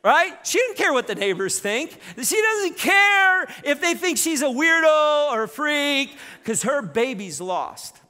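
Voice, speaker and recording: Animated high-voiced preacher in reverb. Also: male voice, unhurried, few pauses. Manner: animated storytelling, frequent repeated starts. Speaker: pastor. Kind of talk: sermon. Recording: long reverb in a church hall.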